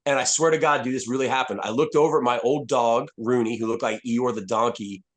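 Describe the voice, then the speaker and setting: Brief: man, 50s, retired soldier on a podcast, blunt and profane, mid-pitched, candid storytelling. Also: fairly quick, a bit bright. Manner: blunt, profane, frequent restarts and fillers.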